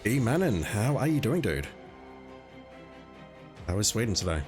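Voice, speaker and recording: With faint music behind him, an Australian man speaks at normal speed in a lowish, somewhat mellow, sing-song voice. He gives casual gameplay commentary to his viewers, talkative, self-deprecating, and naming people in chat.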